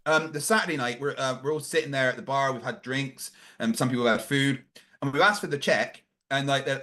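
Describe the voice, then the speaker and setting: A man hosting a casual talk show, telling a story with lively voices for the people he quotes. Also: mid-range voice, brisk. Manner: animated, acts out quoted voices. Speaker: podcast host.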